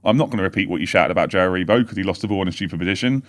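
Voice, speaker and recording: Fast-talking low-voiced man. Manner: rapid, rambling storytelling of match events. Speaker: podcast co-host. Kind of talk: casual live-stream chat. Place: at home.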